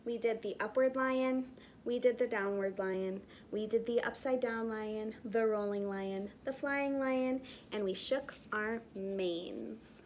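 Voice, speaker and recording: Female preschool educator, gentle storyteller, unhurried and encouraging. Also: on the high side, steady tone, a little hiss or hum. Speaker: zoo conservation educator teaching preschoolers. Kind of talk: online preschool lesson and picture-book reading.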